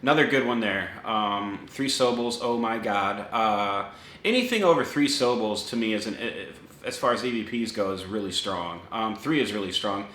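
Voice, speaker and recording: A man's voice: fairly low pitch, normal speed. A young man casually presenting his paranormal recordings, rambling with lots of fillers, a dog somewhere near him. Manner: relaxed, rambling with many fillers. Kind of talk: casual talk to camera. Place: home room with a dog nearby. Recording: echoey room, faint noise.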